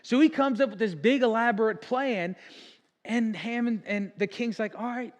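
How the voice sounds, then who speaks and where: A man's voice: high voice, normal speed. Brief: male pastor, chatty retelling, self-corrects often, reverberant church sanctuary. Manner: casual storytelling with frequent "like" and self-corrections. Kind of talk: sermon. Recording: long church hall reverb.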